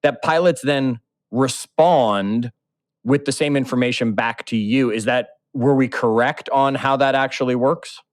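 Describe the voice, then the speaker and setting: A man's voice: mid-range voice, measured pace, no room sound, studio quality. A man hosting a podcast interview, speaking with enthusiasm and turning to address the listeners directly. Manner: enthusiastic, talks straight to listeners. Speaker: podcast host. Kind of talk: conversational interview.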